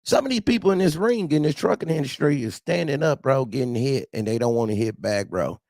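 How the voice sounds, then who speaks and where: A man hosting a casual talk show about trucking, blunt and animated, talking in street slang and often laughing. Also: mid-range voice, brisk, vocal fry, no room sound, clean studio sound.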